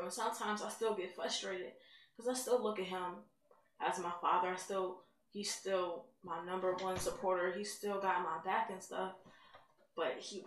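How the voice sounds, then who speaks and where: A teenage girl giving a candid, rambling personal testimony, building to excitement at points. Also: mid-range voice. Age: teens. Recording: echoey room, mic at a distance, faint noise.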